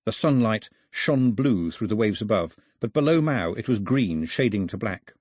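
A male audiobook narrator with a husky, slightly breathy tone and lively pitch that rises and falls with the story. The recording is close and dry. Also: moderate pace, no echo. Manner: expressive storytelling.

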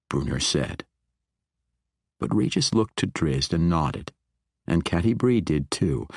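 A male audiobook narrator with a very deep voice that still moves a lot in pitch. He reads in a measured, expressive way, close to a dry microphone. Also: no echo. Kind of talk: scripted fantasy narration.

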